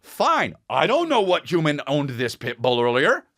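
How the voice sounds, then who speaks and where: A man riffs through a crude comic story on his podcast, his voice swinging widely in pitch. He sits a little high for a man and keeps dropping into goofy impressions. The sound is dry and close. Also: moderate pace, dry recording. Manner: animated, crude, jumps into goofy character voices. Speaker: podcast host. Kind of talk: comedic storytelling monologue.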